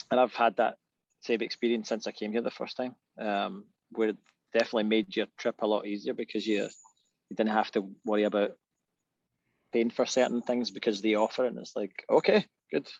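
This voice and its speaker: A Scottish man talks over a video call in a rambling, chatty way, laughing as he goes. His voice sits on the low side with a gravelly edge. The audio is dry and a little muffled. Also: dry recording. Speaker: guest musician. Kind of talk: casual video panel chat.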